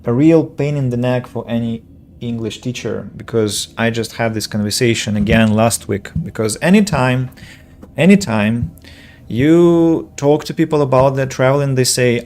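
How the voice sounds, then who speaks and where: Speaking at a normal speed in a darkish mid-range voice, a man streams a video game and talks casually. He teaches English, rambles, fixes his own wording, uses lots of fillers, and reads and answers viewer comments in his let's-play commentary.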